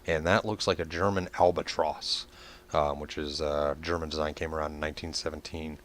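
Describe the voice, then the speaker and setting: A man giving relaxed commentary on a flight game as he plays it, explaining menus with many ums and uhs. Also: very deep voice, brisk, a little hiss or hum. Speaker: gameplay video host. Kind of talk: casual gameplay commentary.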